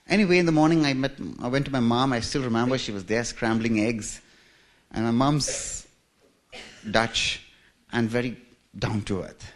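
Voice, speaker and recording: A man from India, telling his life story in a church with humour and self-mockery. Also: mid-range voice. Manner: humorous, self-mocking, chuckling. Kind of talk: storytelling talk.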